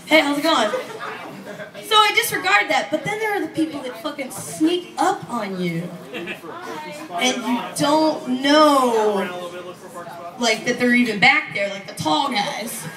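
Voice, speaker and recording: A woman's voice: high voice, lively intonation, slow pace, far from the mic. A woman doing a stand-up comedy set, rambling and profane, laughing often as she talks. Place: small comedy club stage. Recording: echoey club, mic heard from afar, loud crowd.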